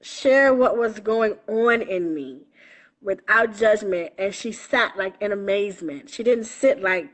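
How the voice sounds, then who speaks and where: A woman's voice: medium pitch, expressive, a little slow. A woman spiritual coach in a casual live stream on her phone, affectionate and laughing often, calling listeners baby and honey.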